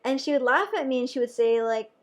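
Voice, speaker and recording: A young adult nurse tells a personal story to camera in a chatty, animated way, packed with fillers, speaking fast in a high-pitched voice.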